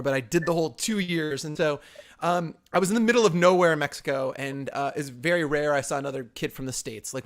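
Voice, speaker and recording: A man co-hosts a casual talk show, talking quickly in a slightly high voice. He rambles through his stories with lots of fillers and false starts. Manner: rapid and rambling, with many fillers and restarts. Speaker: co-host. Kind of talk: casual storytelling chat.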